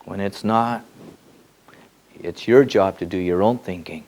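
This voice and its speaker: A man giving a spiritual teaching in a loose, repeating way, swinging between soft musing and sudden excited bursts. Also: low voice, unhurried, pauses often. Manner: repeats words and restarts often. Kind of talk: spoken teaching to a group.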